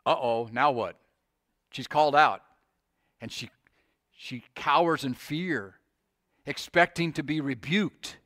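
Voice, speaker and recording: A man's voice: fairly high pitch, unhurried, pushed and bright, no room sound, studio quality. A man preaching a sermon to his congregation, earnest, often restarting his sentences and asking the listeners questions. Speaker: pastor.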